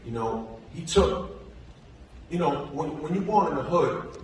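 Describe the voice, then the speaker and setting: A man giving a measured, reflective tribute at a memorial, pausing often as he speaks in a large theater hall. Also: fairly high pitch, lively intonation. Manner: measured, reflective, pauses with ums. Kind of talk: memorial speech. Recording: echoey hall, distant pickup, noise.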